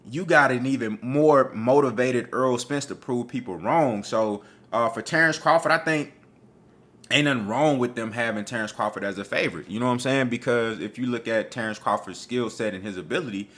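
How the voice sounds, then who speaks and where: A man giving his casual opinions on an upcoming boxing fight, talking with street slang and cursing freely. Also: mid-range voice. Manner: profane, animated, street slang. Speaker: boxing commentator.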